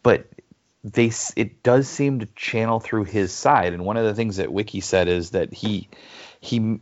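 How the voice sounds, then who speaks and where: A low-pitched man talks through a team's players in a relaxed soccer podcast chat. He stops and restarts his sentences often. The audio sounds muffled and lo-fi. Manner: halting, many restarts and fillers. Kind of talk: casual sports chat. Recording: dull lo-fi audio.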